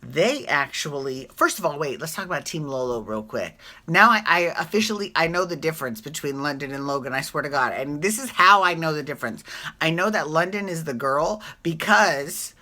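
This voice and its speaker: A woman vlogger doing a casual, rambling TV recap, correcting herself often and adding animated asides. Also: low-pitched, brisk.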